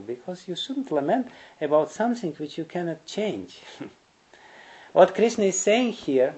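A man's voice: on the high side, mellow, poor audio. A man giving a spiritual lecture, telling stories in a rambling way and chuckling often. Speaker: spiritual teacher.

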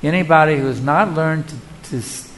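Heard on a low-quality recording, a slightly high-voiced man speaks fairly quickly. He's a spiritual teacher responding to audience questions in a devotional lecture, emphatic and rhetorical, repeatedly asking his listeners questions.

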